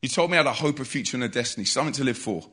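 A man with an English accent quietly voicing a troubled twelve-year-old girl within his story. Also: mid-range voice, expressive, racing, husky. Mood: subdued.

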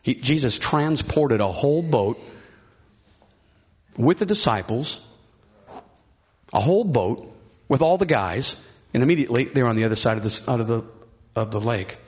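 A middle-aged man preaches with a husky, slightly breathy voice at an ordinary male pitch. He retells a scripture story eagerly, stumbling over and repeating phrases as he goes. He often turns to call out to his congregation. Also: lively intonation, normal speed, long pauses, a little mellow. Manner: calls out to the congregation. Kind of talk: sermon.

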